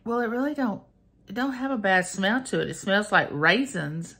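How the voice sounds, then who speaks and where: A woman's voice: medium pitch, lively intonation, moderate pace, fairly bright tone, breathy edge. A woman, chatting folksily to her viewers in a casual taste-test vlog. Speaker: vlogger.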